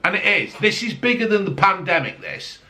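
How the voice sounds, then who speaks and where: Man, angry sweary rant, lively bright voice, swooping pitch. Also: a little fast. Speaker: vlogger. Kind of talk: ranting casual chat.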